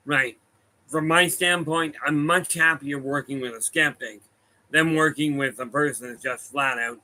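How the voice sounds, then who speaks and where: A man's voice: fairly high pitch, normal speed, sharp tone, rough recording. A man talking as a medium, telling rambling anecdotes to a room and online viewers, often correcting himself. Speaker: medium giving a talk. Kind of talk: casual storytelling talk to a room and online viewers. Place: room with a live audience.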